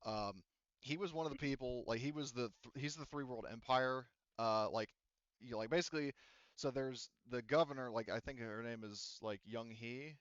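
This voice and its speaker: A man's voice: medium pitch, moderate pace, clear, resonant tone, no echo, muffled recording. A man running a tabletop game, explaining the setting loosely with lots of fillers. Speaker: game master.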